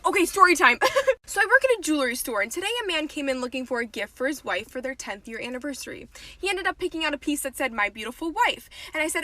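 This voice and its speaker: A woman with a high, bright voice recounts a story from her shop job. Her delivery is dry and deadpan, and she plays out both sides of the dialogue. The sound is dry and close. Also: fast talker, no echo. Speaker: jewelry store worker. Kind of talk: casual storytime monologue.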